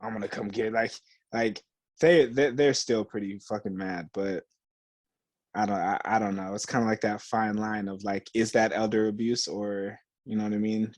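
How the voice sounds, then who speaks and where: A man's voice: lowish voice, steady tone, moderate pace, darkish tone, dry recording. A young man co-hosting a podcast, chatting casually and acting out quotes as he tells a story, swearing freely and using lots of slang. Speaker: podcast co-host. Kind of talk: casual chat.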